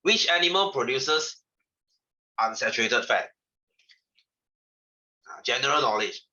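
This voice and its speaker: A man's voice: medium pitch, animated, a little slow, pushed and bright, dull audio. Chatty man teaching science. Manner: chatty, asks the class questions, repeats himself. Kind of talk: classroom lecture. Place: classroom.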